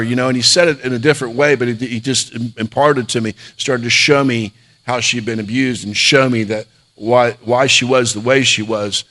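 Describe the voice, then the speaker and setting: A man's voice: mid-range voice, moderate pace, fairly bright tone. A middle-aged man, a pastor, preaching a sermon and telling a personal story in an earnest voice, with frequent restarts.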